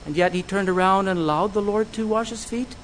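A high-pitched male preacher delivers a sermon in an earnest, measured way. He speaks in steady phrases and turns to his listeners with searching questions. A faint hum sits behind his voice. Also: rough recording.

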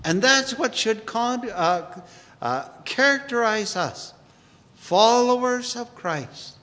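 A man preaching a sermon in an earnest, unhurried way, quoting scripture often. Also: very high-pitched, lively intonation, pushed and bright, long reverb tail.

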